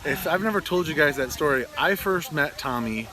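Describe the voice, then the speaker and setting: A homesteading vlogger in his thirties chats casually outdoors at a farm gathering with his animals, viewers and friends. His voice is on the high side, animated and fairly quick, with crowd and outdoor noise behind him.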